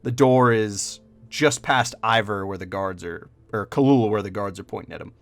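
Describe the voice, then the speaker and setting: A man's voice: on the low side, moderate pace. Casual man narrating a tabletop game. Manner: loose and casual, many "like" fillers, swears. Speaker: game master.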